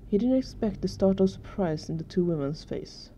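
A woman reading fan fiction aloud in a steady, even way. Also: mid-range voice, normal speed, slight background noise. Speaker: fanfiction reader. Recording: dull lo-fi recording.

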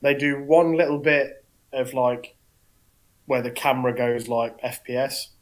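Man, British accent, mid-pitched, emphatic, swearing, storytelling podcast chat. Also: little pitch movement, a little slow. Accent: British English. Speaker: podcast co-host. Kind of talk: casual chat.

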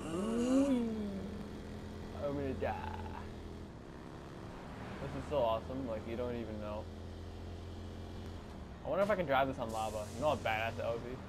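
A young man commentating a video game, loud and swearing constantly, yelling and laughing as he plays. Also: mid-range voice, big pitch swings, normal speed, pauses often, noisy background. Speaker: gameplay commentator. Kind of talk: excited, profane let's-play chatter.

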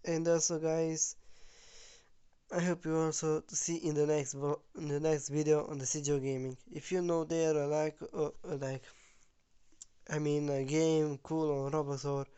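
A man giving casual gameplay commentary on his channel, excitable and chuckling, with loose phrasing and a sick voice. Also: on the high side, moderate pace, smooth, lo-fi sound. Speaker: gaming YouTuber.

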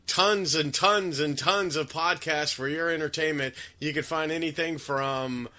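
A man's voice: on the high side, measured pace, bright, forceful tone. A man hosting a podcast, chatting crudely and loosely, swearing and laughing as he rambles. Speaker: podcast host. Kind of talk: crude casual chat.

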